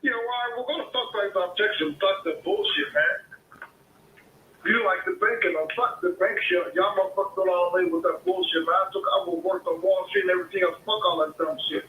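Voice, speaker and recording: A man's voice: high voice, brisk. A homeowner on a phone call, arguing heatedly and swearing often, repeating his points. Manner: swearing, repetitive, argumentative. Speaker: caller, homeowner. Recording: echoey phone call with faint noise.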